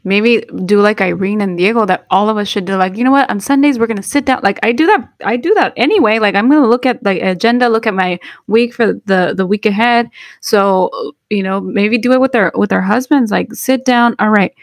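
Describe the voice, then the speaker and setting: A woman's voice: mid-range voice, fairly quick, dry recording. Chatty woman in a dry room. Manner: chatty, thinks aloud with many fillers. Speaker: podcast co-host. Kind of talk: casual chat.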